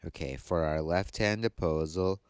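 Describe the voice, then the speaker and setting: A sleepy man talks through a tarot reading in a very low, smooth voice. He takes his time, pausing often as he works out what each card means. The sound is dry and close. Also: darkish tone, no echo. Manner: slow, thoughtful explaining. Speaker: tarot reader.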